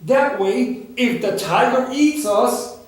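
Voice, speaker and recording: A man telling a dharma talk story, voicing a gentle, kindly old monk who explains things patiently. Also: extremely high pitch, lively intonation, slow pace, pitched above the performer's own voice, exaggerated voice. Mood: calm. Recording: echoey room, far from the mic.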